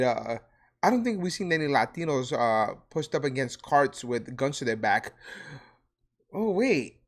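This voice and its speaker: A man from Puerto Rico with a New York accent, answering hateful comments as a vlogger, sarcastic and mocking. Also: medium pitch. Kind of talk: reacting to comments.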